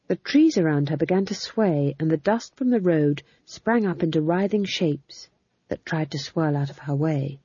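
A woman narrating an audiobook in a lively, expressive storytelling manner. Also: deep voice, normal speed, husky, no room sound, lo-fi sound. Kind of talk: scripted narration.

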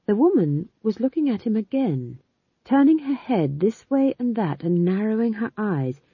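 A woman narrating an audiobook in an expressive, wry reading style. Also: medium pitch, normal speed, husky, no echo. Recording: slightly dull lo-fi recording.

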